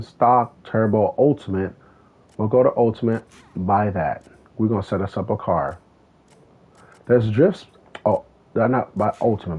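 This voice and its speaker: A man's voice: on the low side, husky. A man streaming a racing game, chatting casually and telling a rambling story with lots of swearing. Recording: tinny phone-like sound.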